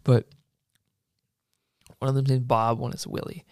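A young man telling a workplace story in casual chat, acting out the quotes loudly and laughing often. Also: medium pitch, flat delivery, unhurried, smooth, no echo, studio quality.

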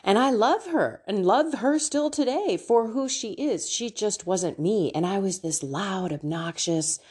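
A woman's voice: mid-range voice, animated, unhurried, darkish tone, slightly rough. A middle-aged woman hosting a podcast, sharing a personal, confessional reflection. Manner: emotional, confessional, with laughs. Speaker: podcast host.

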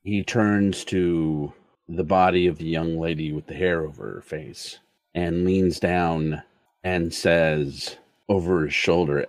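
A man playing a tabletop game, slowly narrating what his character does. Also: low-pitched, fairly even intonation, dry recording. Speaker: player.

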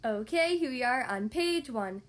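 A woman's voice: high voice, animated, measured pace. A woman hosting a podcast where she reads storybooks aloud to young children, upbeat and friendly. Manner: upbeat, friendly, clearly paced for young kids. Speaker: podcast host reading to kids.

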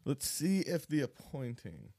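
A man's voice: on the high side, big pitch swings, measured pace, mellow. A man co-hosting a podcast in casual, rambling, self-deprecating chat. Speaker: podcast co-host.

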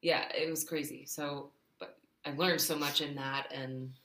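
A woman's voice: deep voice, fairly even intonation, measured pace, pushed and bright. A woman from Arkansas who is an actress, chatting earnestly on a podcast and telling an anecdote, with plenty of "like" in her speech. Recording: roomy echo.

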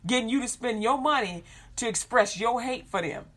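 Woman, informal preaching, lively, acts out voices, laughs a lot, higher voice. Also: a little slow. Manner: animated, acts out quoted voices, laughs often. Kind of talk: informal sermon.

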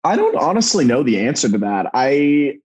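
A man's voice: mid-range voice, sing-song, moderate pace, darkish tone, slightly rough. A young man from Texas, a guest on a podcast, talking earnestly and politely and laughing easily. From Dallas, Texas. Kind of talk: casual interview chat.

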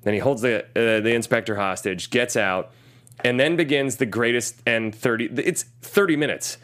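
A man hosting a casual movie podcast, talking at an ordinary middle pitch. He recaps scenes in an animated way, quoting lines and cracking jokes as he goes. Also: normal speed. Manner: animated storyteller, jokes and quotes clips. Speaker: podcast host reviewing a movie. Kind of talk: casual chat.

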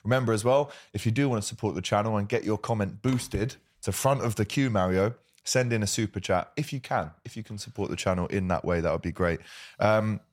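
A man with a Liverpool accent hosts a casual football chat, his voice sitting low. He reads viewer comments aloud and hands out shout-outs to regulars. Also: brisk. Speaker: podcast host.

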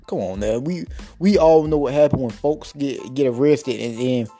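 A man rants on his podcast in loose, slangy talk, repeating himself for emphasis. His voice is dark and a little husky. Faint music sits under him. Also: medium pitch, moderate pace. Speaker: podcast host. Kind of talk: casual rant.

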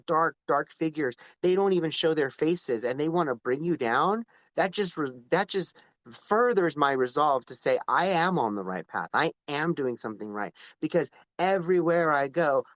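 Man, somewhat high voice, emphatic, restarts a lot, dry close sound. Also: a bit bright, dry recording. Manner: emphatic, repetitive with frequent restarts. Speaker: guest. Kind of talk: conversational interview.

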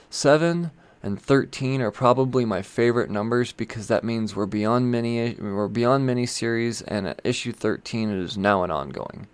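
A man with a medium-pitched voice hosts a comic book video, giving casual, rambling commentary on new comics. He is chatty and irreverent, full of swearing and asides, and the recording is dry.

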